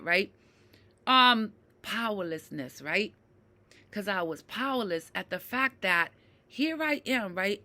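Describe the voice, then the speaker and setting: A woman in her fifties speaking to her viewers about mental health, emphatic, checking in with "right?" again and again, dropping low and quiet, then rising loud and heated. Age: 50s. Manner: emphatic, repeats "right?" often. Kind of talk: personal talk to camera.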